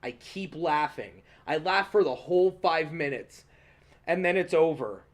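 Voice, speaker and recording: Young male podcast host, high voice, animated, cursing storyteller. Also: measured pace. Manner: animated, swears often, laughs while telling stories. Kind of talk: casual storytelling.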